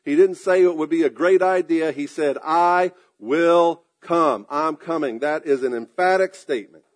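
A man preaching a sermon, drawing out emphatic phrases and dropping into quiet asides, clearing his throat now and then. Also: fairly high pitch, fairly quick. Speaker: pastor.

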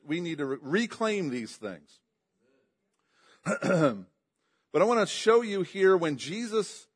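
Man, preacher, sermon, slightly high pitch, emphatic, loud then hushed. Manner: emphatic, rising and dropping in pitch and volume; asks the congregation questions.

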